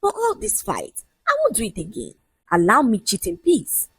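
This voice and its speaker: A smug, shameless young man in a storybook tale, as a woman narrator puts him on. He lectures and mocks in a husky, lively voice that swings up and down. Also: on the high side, moderate pace, no echo, clean studio sound, voice pushed up, exaggerated voice. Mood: mocking. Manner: mocking, lecturing, casually shameless. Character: scornful cheating young man, smug and dismissive.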